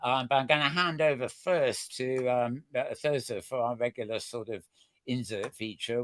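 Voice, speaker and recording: A man hosting a talk show, handing over to a co-presenter in a relaxed, hesitant way with many fillers. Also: mid-range voice, normal speed, gravelly.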